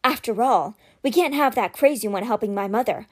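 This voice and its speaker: Storybook read-aloud: a woman doing a young woman speaking gently and conspiratorially, high voice. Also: expressive, fairly quick. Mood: coaxing.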